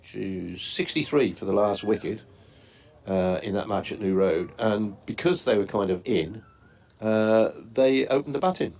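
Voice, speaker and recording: A man's voice: fairly low pitch, a little slow, a little mellow. A man commentating on cricket, hesitant and full of fillers, with dry asides. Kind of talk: live commentary chat.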